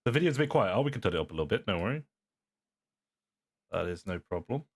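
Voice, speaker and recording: A man's voice: on the low side, big pitch swings, fast, husky. A man giving casual, rambling commentary on a video as a streamer, often repeating himself and calling the viewer "bro".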